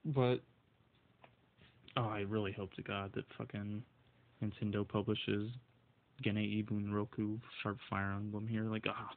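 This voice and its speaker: A man's voice: on the low side, little pitch movement, unhurried, pauses often, narrow, tinny audio. A man ranting angrily about video game prices, swearing constantly and stumbling over his words, his voice shaking with anger. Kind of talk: angry solo rant.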